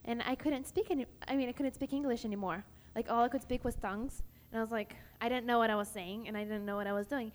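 A woman's voice: on the high side, fairly even intonation, fast, hardly any pauses. Chatty young woman, echoey hall. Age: young adult. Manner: chatty, full of "like". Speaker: panel speaker. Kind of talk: testimony to a youth audience. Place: large hall at a youth camp. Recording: echoey hall, faint background noise.

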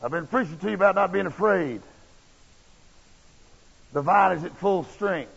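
A man's voice: high-pitched, normal speed, vocal fry, long pauses, fairly bright tone, breathy edge. A man preaching a sermon, telling a personal story in a folksy, blunt and emphatic way. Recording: dull lo-fi recording.

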